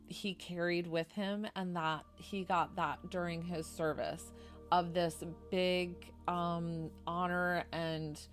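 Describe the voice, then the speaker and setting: A woman from New York doing a chatty, effusive psychic reading on a live stream. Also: fairly low pitch. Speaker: psychic medium.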